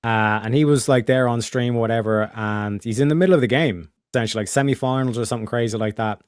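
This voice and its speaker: Man, casual rambling chat, lots of fillers, smooth clear voice, dry close sound. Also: medium pitch, fast talker, dry recording. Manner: rambling, many fillers and restarts; swears casually. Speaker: streamer host.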